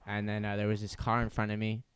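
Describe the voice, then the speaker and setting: A teenage boy telling a story in a halting, deadpan way. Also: lowish voice, clear, resonant tone, dry recording. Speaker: podcast co-host. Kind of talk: casual storytelling.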